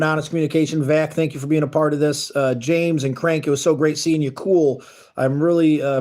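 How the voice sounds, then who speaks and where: A man's voice: a little high, a little mellow. A man hosting a casual livestream, talking earnestly and rambling as he reads and answers chat messages. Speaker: livestream host. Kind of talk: casual live-stream chat.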